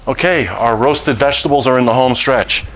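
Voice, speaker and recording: A man hosting a home cooking demonstration, talking through each step in a relaxed, jokey way with the odd pun. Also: mid-range voice, normal speed, faint music behind. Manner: relaxed, jokey, cracks puns. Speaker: cooking show host.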